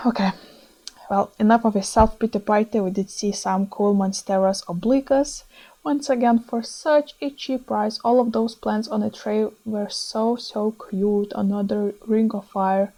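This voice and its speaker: A young woman with a Lithuanian accent, chatting excitedly over her own plant shopping footage with small grammar slips. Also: medium pitch, unhurried, rough recording. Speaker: plant vlogger.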